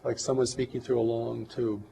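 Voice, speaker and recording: A man giving an interview as a guest, talking in a calm, reflective and earnest way. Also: mid-range voice, normal speed, gravelly, a little hiss or hum, rough recording. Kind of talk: interview talk.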